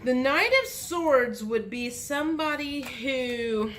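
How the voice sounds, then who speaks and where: Woman tarot reader, unhurried delivery, crisp bright tone, muses aloud over each card, lively when acting out dialogue. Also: slight background noise. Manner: muses aloud as she reads the cards; lively, acts out dialogue with big pitch jumps.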